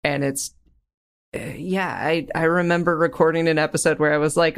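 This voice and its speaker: A man co-hosting a podcast in casual chat, telling animated stories and giggling often. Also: on the high side, normal speed, clean tone. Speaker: podcast co-host.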